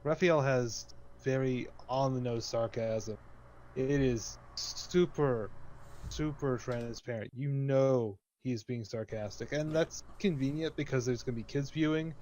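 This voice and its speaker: A man's voice: mid-range voice, unhurried, a little mellow, slight background noise. Opinionated man critiquing a cartoon. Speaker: podcast co-host. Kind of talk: casual chat.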